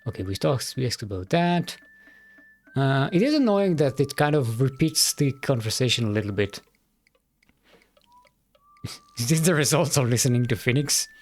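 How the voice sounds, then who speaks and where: A man's voice: medium pitch, lively intonation, normal speed, long pauses. A man streaming a game, giving casual commentary in a rambling, self-correcting way and laughing easily.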